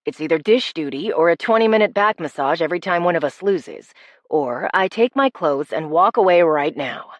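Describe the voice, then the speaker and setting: A woman voicing a smug, teasing young man in an audiobook, dropping lower for his lines. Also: expressive, normal speed, no echo, dull audio, close to an everyday voice. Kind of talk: audiobook character voice.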